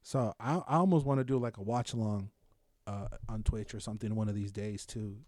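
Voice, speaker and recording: A young man co-hosting a podcast, chatting casually about shows with lots of swearing and animated storytelling. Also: fairly low pitch, a little fast, no room sound. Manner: animated, profane, loud bursts of laughter-filled storytelling. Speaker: podcast co-host. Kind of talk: casual chat, reviewing shows.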